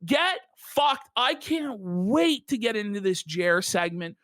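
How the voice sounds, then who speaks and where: A man hosting a livestreamed talk show, chatting crudely and excitedly, often laughing and shouting in imitation of others. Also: high voice, unhurried, no room sound, studio quality. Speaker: podcast host. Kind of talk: crude comedic stream banter.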